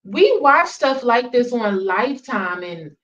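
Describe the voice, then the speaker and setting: Animated woman host, distant dull mic. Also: a little high, takes it slowly. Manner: exclaiming, incredulous, addresses viewers as y'all. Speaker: reaction channel host. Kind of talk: casual commentary.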